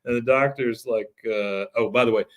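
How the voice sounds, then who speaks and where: A man's voice: mid-range voice, steady tone, moderate pace. A man co-hosting a podcast, casually retelling a cartoon episode with loose, rambling storytelling at a live recording. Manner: loose, storytelling, lots of filler. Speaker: podcast co-host.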